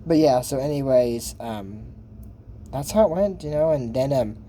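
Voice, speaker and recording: A man talks his way through a cartoon recap in a loose, rambling way, trailing off into asides. His voice is mellow and warm, and a faint hiss sits under the recording. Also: mid-range voice, animated, moderate pace. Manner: rambling, chatty, full of asides and fillers. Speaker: video host recapping a cartoon episode. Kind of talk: casual commentary.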